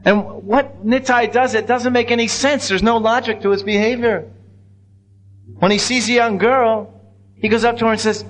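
A man telling a devotional story as a sermon, animated, with frequent restarts and acted-out voices. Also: very high voice, moderate pace, poor audio. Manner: animated retelling with many restarts. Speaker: religious storyteller.

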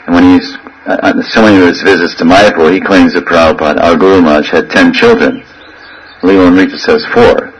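A man with a very low voice gives a loose, storytelling devotional class, circling around his points. He breaks into playful imitations of wailing children and yelping dogs. A faint background noise runs under the recording. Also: rough recording. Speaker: spiritual teacher. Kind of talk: informal devotional class talk. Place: living in a holy town in India.

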